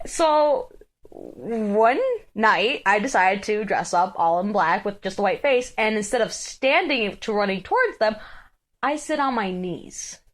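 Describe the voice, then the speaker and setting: A woman podcast host chatting casually, telling a story in an animated way, laughing and swearing often. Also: mid-range voice, measured pace.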